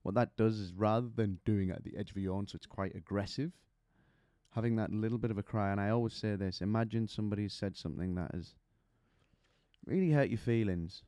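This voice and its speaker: Low, mellow-voiced male vocal coach. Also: steady tone, fast talker, no room sound, clean studio sound. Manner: chatty, explains with demonstrations and anecdotes. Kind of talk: singing lesson to camera.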